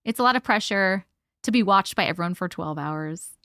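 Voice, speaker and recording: A woman's voice: on the low side, fairly quick, sharp tone, dry recording, clean studio sound. A young woman hosting a casual livestream, greeting viewers by name and chatting, short on sleep. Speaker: livestream host. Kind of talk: casual live-stream chat.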